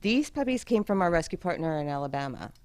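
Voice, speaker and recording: A woman's voice: on the low side, big pitch swings, fast talker, a little mellow. A woman volunteer answering interview questions about her dog rescue work in an earnest, grateful way.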